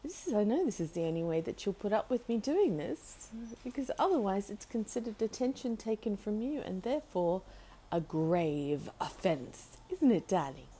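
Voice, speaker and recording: A woman hosting a casual solo podcast from home, talking in a halting, rambling way with restarts, and cooing to her pet bird in a sweet, high voice. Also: sing-song, mellow, a little hiss or hum. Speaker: podcast host.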